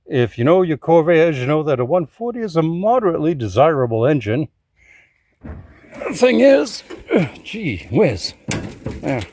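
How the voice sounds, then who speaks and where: A man's voice: on the high side, darkish tone, no room sound. A man giving a casual update on his car projects from his driveway, talking with dry, wry humor. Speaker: hobby car restorer and channel host. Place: outdoors in a driveway.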